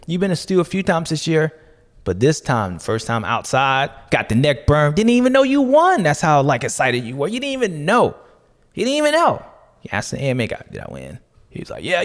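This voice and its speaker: A man hosting a podcast, talking casually in an animated, slangy, joking way. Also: a little high, big-room sound. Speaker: podcast host.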